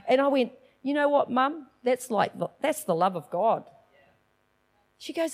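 A woman preacher shares a personal story during a sermon. Her voice sits high, and she tells the story in an excited, animated way, acting out other people's voices as she goes. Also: normal speed.

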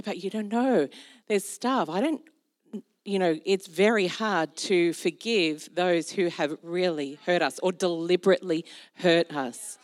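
A middle-aged woman preaching a sermon as pastor, animated, telling stories with acted-out asides. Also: lowish voice.

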